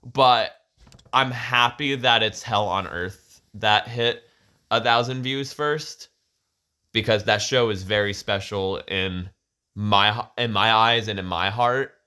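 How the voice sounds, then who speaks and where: A man's voice: on the low side, takes it slowly, pushed and bright. A man hosting a podcast in casual chat, rambling and profane, often restarting his sentences. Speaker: podcast host.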